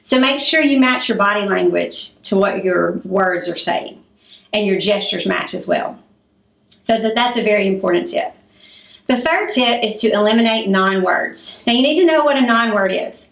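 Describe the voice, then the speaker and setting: A middle-aged woman teacher giving a classroom lesson on public speaking, clear and demonstrative as she acts out examples. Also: mid-range voice, moderate pace. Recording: echoey room.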